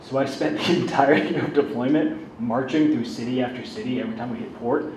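A man's voice: medium pitch, quick pace, darkish tone. A man candidly telling a self-deprecating personal story about his recovery, in a casual, conversational way. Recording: roomy, distant mic, background noise.

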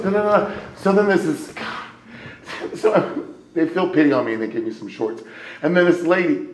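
A man telling a personal testimony to a live audience as an animated storyteller. His delivery swings from loud excitement to hushed near-whispers. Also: sits high, a little fast, a faint crowd, slight background noise. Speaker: speaker sharing his recovery story. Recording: echoey room.

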